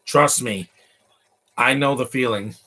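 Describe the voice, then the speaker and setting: Man, movie reactor, casual and opinionated, chatty asides, mid-pitched everyday voice. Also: takes it slowly, bright, forceful tone, breathy edge.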